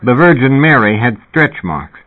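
A man's voice: medium pitch, sing-song, measured pace, voice pushed up. A man reading the inner thoughts of a sickly pregnant woman in a sardonic, wry monologue. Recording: narrow, phone-like sound.

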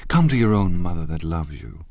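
A male audiobook reader voicing a wealthy young woman, flighty and gushing, with a breathy, crooning manner. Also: sits low, big pitch swings, fairly quick, darkish tone, dry recording, exaggerated voice. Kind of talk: audiobook character voice.

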